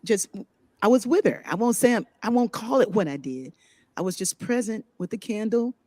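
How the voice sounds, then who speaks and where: Her voice is a little high and her pace moderate as she hosts a spiritual conversation. She animatedly shares a personal story, laughing often and murmuring agreement.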